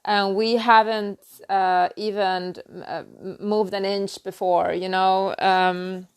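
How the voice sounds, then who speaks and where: A woman giving a halting, earnest spiritual talk on her own channel, full of restarts and "you know.". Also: medium pitch, flat delivery, smooth. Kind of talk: personal spiritual talk to camera.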